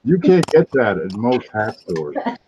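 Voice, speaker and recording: A man hosting a casual coin auction live stream, joking his way through a mock sales pitch. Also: very animated, unhurried, warm tone, muffled recording, slight background noise.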